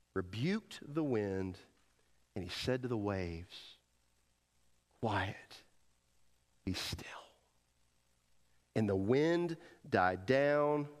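A man preaching a sermon as pastor, swinging between loud emphatic peaks and hushed quoted lines, and leading the congregation to repeat after him. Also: medium pitch. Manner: leads the congregation in call and response.

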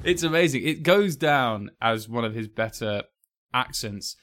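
A man's voice: mid-range voice, animated, measured pace, a bit bright. A man chats through a film review in a casual, giggly way, recapping scenes with obvious delight. His voice sits in an ordinary middle range. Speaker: podcast co-host.

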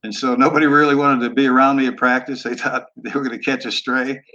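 A man in his sixties, a former quarterback, telling stories in a relaxed, rambling way with some rough language. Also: medium pitch, fast, lo-fi sound. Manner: laid-back, trailing off, rough language. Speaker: guest, former football quarterback. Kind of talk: casual storytelling interview.

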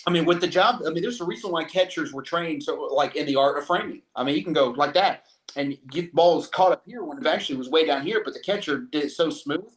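Male co-host, casual sports chat, loose and rambling, slightly raised pitch. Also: quick pace. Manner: rambling, many restarts and fillers.

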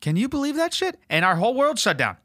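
Foul-mouthed rambling man, bright voice. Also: very high voice, fast talker, no room sound, clean studio sound. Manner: profane, rambling, animated, filler words. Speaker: podcast host. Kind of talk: casual chat.

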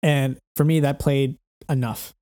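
A man talks through a film scene in casual, rambling chat, slipping into quoted lines along the way. His voice is warm and mellow. The recording is dry, with no room sound. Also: medium pitch, unhurried, dry recording. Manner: rambling, animated, acts out quotes. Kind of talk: casual movie discussion.

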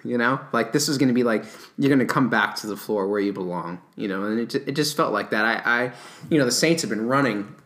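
A man talking through his football pick on a casual sports podcast. He gets loud and worked up as he argues, swearing freely, and his voice sits at a plain middle pitch. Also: quick pace. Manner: animated, swearing, gets loud when making his case. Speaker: sports betting podcast co-host.

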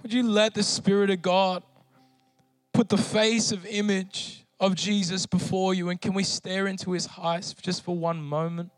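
A man's voice: high voice, flat delivery, unhurried, no room sound, soft background music. A man preaching a sermon with emotional testimony, pleading and impassioned as he leads prayer in church. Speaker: pastor.

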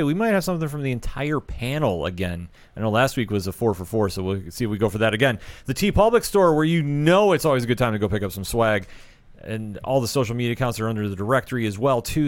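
A man co-hosting a podcast, reading promos briskly and chiming in with short agreeing replies. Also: medium pitch, no room sound. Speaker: podcast co-host. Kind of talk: casual chat.

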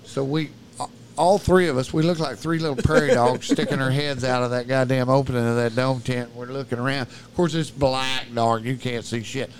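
With a medium-pitched, fairly even voice at a moderate pace, a man tells a sprawling story as a guest on a podcast. There's slight background noise as he swears colorfully and cuts his own sentences short in casual conversation.

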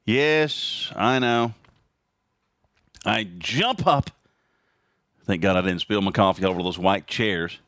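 A man hosting his own podcast, talking casually and sarcastically in an animated opinion monologue from home. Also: slow, pauses often, no echo, clean studio sound. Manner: animated, sarcastic, jumps high in pitch for emphasis. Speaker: podcast host.

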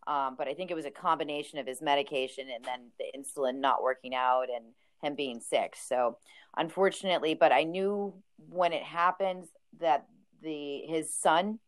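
Deep-voiced woman rambling on a podcast, laughs a lot, record shop owner. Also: moderate pace. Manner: chatty, laughs often, acts out quotes. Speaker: record store owner, guest. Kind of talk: casual podcast chat.

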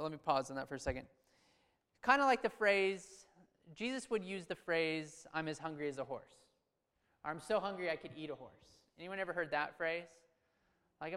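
A man's voice: a little high, fairly bright tone, clean tone. Casual preacher man in a reverberant hall. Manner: conversational, asks the audience questions, loose restarts. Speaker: pastor. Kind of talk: sermon with scripture reading.

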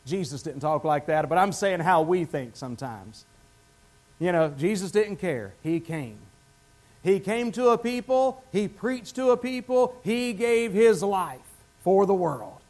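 Male pastor, high voice, conversational sermon delivery, quizzes the congregation. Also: lively intonation, measured pace, a little mellow. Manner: conversational, asks the congregation questions. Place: church.

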